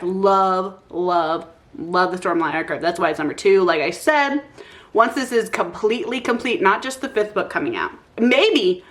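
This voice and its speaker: A young woman chats casually to camera as a booktuber, gushing with excitement. She swears freely and talks loosely, with plenty of restarts and fillers. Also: medium pitch. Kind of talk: casual chat.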